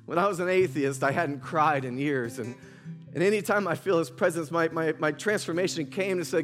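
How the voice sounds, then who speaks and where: A man's voice: fairly high pitch, brisk, a bit bright, faint music behind. A male pastor preaching an emotional, impassioned sermon, repeating phrases as he builds, speaking to viewers watching online. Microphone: streamed to online viewers.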